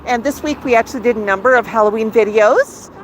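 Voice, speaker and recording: Out in a residential neighborhood, a middle-aged bird owner livestreams her walk, coaxing her pet bird in a sing-song way. Her voice sits a little high and moves at a quick pace, with a slight hiss or hum on the recording.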